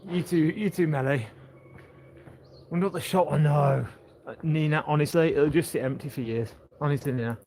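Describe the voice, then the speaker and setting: A man's voice: on the high side, normal speed, darkish tone. A man hosting a casual walking livestream outdoors, chatting and joking and greeting passersby along the way. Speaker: livestream host. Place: outdoors on a coastal town street. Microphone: handheld phone while walking. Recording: outdoor street noise. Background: street ambience and passing vehicles.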